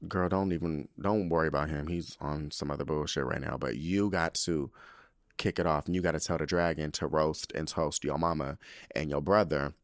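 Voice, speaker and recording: A man voicing a gentle, laid-back grown uncle who coaxes softly in slang. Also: fairly even intonation, moderate pace, no room sound, clean studio sound. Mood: soothing. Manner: soft, low, slangy and coaxing.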